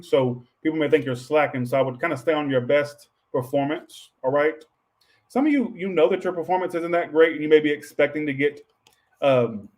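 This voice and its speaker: A man with a slightly higher voice rambles through a tarot reading for his viewers. He talks offhandedly and swears often, breaking off to answer his chat. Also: a little mellow. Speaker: tarot reader.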